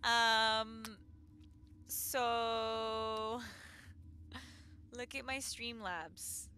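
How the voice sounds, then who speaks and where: Bright-voiced young woman streamer, giggly. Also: a little high, fairly even intonation, extremely slow, slight background noise. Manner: giggly, flustered, emotional. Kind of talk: casual live-stream chat.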